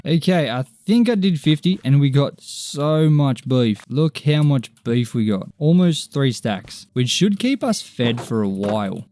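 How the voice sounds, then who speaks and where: A man's voice: mid-range voice, dark tone. A young man giving casual, upbeat gameplay commentary, chatty and poking fun at himself. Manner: chatty, upbeat, self-mocking. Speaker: gaming YouTuber.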